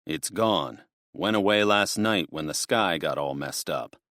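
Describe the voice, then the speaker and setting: A man's voice: low-pitched, lively intonation, a little slow, a bit bright, no room sound, studio quality. A man voicing a large middle-aged police officer who speaks bluntly and plainly. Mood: gruff, blunt. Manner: blunt, matter-of-fact.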